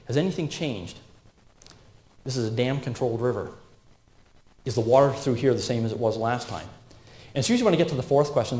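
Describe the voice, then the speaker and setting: Brief: man in his 50s, conference safety talk, mellow tone, roomy hall. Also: medium pitch. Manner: animated, asks the audience questions. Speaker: safety speaker. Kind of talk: conference presentation.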